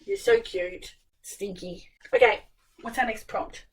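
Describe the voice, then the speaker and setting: An Australian woman with a fairly high, very lively voice banters playfully and swears cheerfully. She is a little far from the mic, with faint background noise. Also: unhurried, creaky. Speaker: booktuber co-host. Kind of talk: casual chat.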